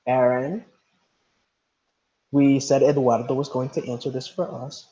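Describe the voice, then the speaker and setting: A man's voice: medium pitch, flat delivery, measured pace, mellow, lo-fi sound. A male teacher leading an online class, reading instructions and calling on students by name. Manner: encouraging, calls on students by name. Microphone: video call.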